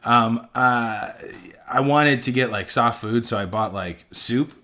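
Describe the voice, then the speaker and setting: A man's voice: medium pitch, slow pace, pushed and bright. A man co-hosting a podcast, chatting casually and rambling in a self-deprecating way. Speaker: podcast co-host. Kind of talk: casual chat.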